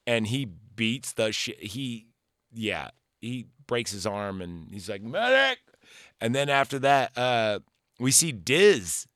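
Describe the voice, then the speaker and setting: A male podcast host giving a rambling, profane, animated casual recap of a movie. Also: medium pitch, takes it slowly, no echo, studio quality.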